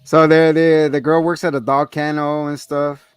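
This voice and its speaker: A man's voice: fairly high pitch, little pitch movement, moderate pace, clean tone, no echo, faint music behind. A man co-hosting a casual podcast, animatedly retelling a movie scene with profane acted-out quotes. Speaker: podcast co-host. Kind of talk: casual movie recap chat.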